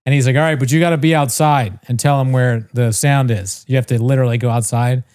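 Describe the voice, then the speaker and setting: A man's voice: medium pitch, steady tone, quick pace, darkish tone, smooth. A man co-hosting a podcast, casually telling a long story, swearing freely and mimicking the people in it. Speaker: podcast co-host.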